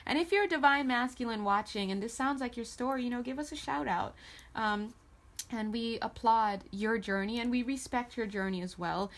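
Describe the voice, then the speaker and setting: A woman giving a casual tarot reading to camera, chatty and playful and warmly encouraging toward her viewers. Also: fairly high pitch, normal speed. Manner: chatty and playful, giggles often. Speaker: tarot reader.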